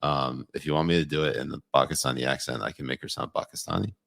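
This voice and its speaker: A man with an extremely low voice and a gravelly fry talks through loose, joking banter. He often breaks off mid-sentence and restarts. The sound is close and dry, with no room on it. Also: fairly even intonation, fast talker, a bit bright, no room sound. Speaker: podcast co-host. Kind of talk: casual comedic banter.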